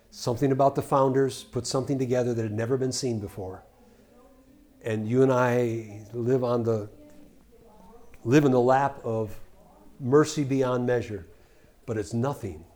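Older man, sermon teacher, earnest, asks rhetorical questions, loud on verses, soft on reflections. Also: mid-range voice. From United States. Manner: earnest, rhetorical questions, swings between loud scripture reading and quiet asides. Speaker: preacher.

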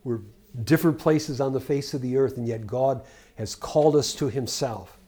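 An older man preaching a Bible-teaching sermon, earnest and full of rhetorical questions, rising loud for scripture and dropping quiet for asides. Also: mid-range voice, moderate pace. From United States.

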